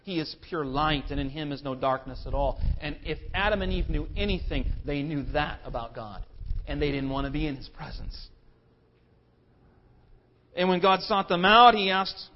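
A man's voice: high-pitched, lively intonation, moderate pace, highs cut off. A man preaching a sermon in an emphatic, dramatic way. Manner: emphatic and dramatic, acting out quotes.

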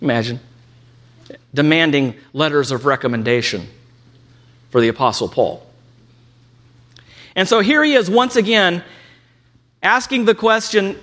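A man's voice: on the high side, measured pace, pauses often, fairly bright tone. A man teaching a lecture on scripture, reading quotations aloud and adding ironic asides. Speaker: Bible teacher.

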